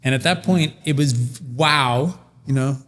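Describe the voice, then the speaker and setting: A man's voice: medium pitch, measured pace, a bit bright, in a large hall. Reflective man with many restarts. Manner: thoughtful, searching, many restarts. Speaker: podcast host. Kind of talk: casual conversational interview.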